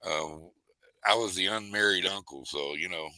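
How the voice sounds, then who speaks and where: Bright-voiced rambling male storyteller. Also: sits low, normal speed, dry recording, poor audio. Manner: rambling, animated storyteller with folksy asides. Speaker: host. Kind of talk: casual storytelling chat.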